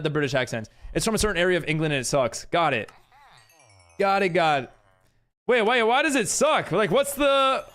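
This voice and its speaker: A man's voice: sits high, a bit bright. A young man streaming a game live, chatting away and reading out and reacting to viewers' messages. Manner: chatty, reads chat aloud and reacts. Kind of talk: live-stream chat while gaming.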